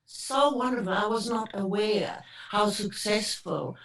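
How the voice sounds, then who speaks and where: A woman in her seventies with a German accent, telling rambling, animated stories as an actress guest. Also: mid-range voice, unhurried. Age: 70s. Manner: animated, rambling with many restarts. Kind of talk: casual anecdotal storytelling. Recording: roomy, distant from the mic.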